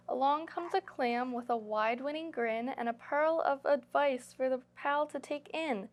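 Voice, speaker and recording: A woman's voice: sits high, normal speed, hardly any pauses. A woman reading a rhyming children's picture book aloud with a sing-song delivery. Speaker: storytime reader.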